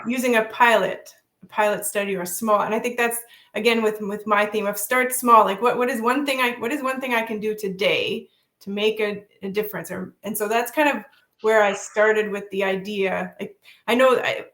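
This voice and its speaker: A woman's voice: mid-range voice, fairly even intonation, a little fast, fairly bright tone. A woman speaking on a discussion panel, thinking aloud reflectively. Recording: echoey room.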